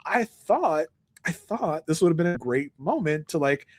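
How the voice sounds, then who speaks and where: A man's voice: fairly high pitch, very animated, measured pace, dry recording. A man chatting casually on a podcast, reviewing a film and acting out characters' lines as he retells scenes.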